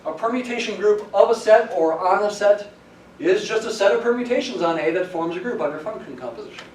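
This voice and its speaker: A man's voice: sits high, expressive, a little fast, darkish tone. A man, a math professor, giving a classroom lecture, explaining step by step and stressing key words. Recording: echoey classroom from some distance, faint hiss.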